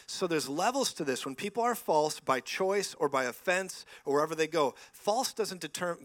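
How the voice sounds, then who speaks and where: A male preacher giving a sermon, telling stories in an animated way, joking and acting out the people in them. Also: on the high side, no echo. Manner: animated storytelling, acts out voices, joking.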